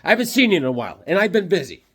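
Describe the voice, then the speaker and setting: A man's voice: high voice, big pitch swings, racing, slightly rough. A man chatting casually in a vlog, rambling and joking as he shows off his comic collection at home. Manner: rambling, jokey, loose.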